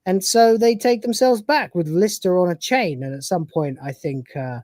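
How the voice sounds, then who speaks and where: Woman co-host, casual and swearing, lowish pitch, dry close mic. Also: normal speed, a little mellow, no room sound. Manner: rambling, profane and chatty, acting out scenes. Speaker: podcast co-host. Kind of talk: casual live-stream episode recap.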